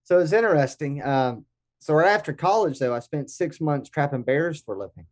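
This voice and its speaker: An American man in his forties, a podcast guest telling lively anecdotes. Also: a little high, fairly quick. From United States. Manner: lively anecdotes with acted-out quotes. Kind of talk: casual storytelling.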